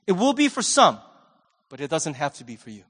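A male pastor preaches in a conversational, animated style, his fairly high voice shifting between loud and hushed. He talks briskly with a slightly rough edge. Long reverb lingers in the large church hall.

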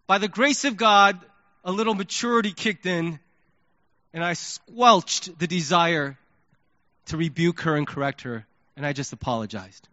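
High-voiced pastor telling a story. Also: male voice, moderate pace, no echo, highs cut off. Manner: animated storytelling, acts out his own reactions. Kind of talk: sermon.

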